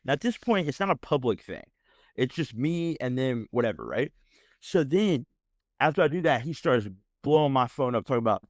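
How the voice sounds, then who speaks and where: A man's voice: mid-range voice, big pitch swings, fairly quick, no echo, clean studio sound. A man hosting a podcast, telling a story as a heated, profane rant and often checking in with "right?". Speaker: podcast host. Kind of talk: ranting storytelling.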